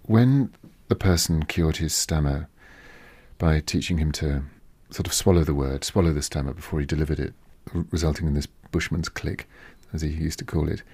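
A man's voice: a bass voice, normal speed, a little mellow, husky, dry recording. A biographer, a man, talking reflectively in an interview and thinking aloud with small restarts. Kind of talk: interview commentary.

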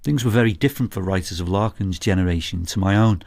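A male presenter gives scripted narration in a lowish, gravelly voice. He is measured and introduces each speaker, and the sound is dry and close. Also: darkish tone, dry recording. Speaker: documentary presenter.

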